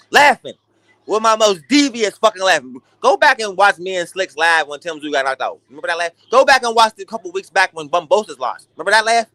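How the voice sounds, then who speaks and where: A young man hosting a boxing talk stream, ranting in an animated, profane, casual way. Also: high voice, no room sound. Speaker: boxing talk show host. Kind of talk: casual livestream rant.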